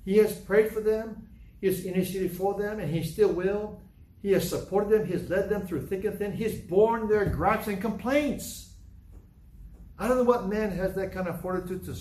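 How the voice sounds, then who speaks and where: A man preaching a sermon as a pastor, animated, acting out biblical scenes with sudden loud outbursts. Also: a little high. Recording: roomy sound from a distance with faint background noise.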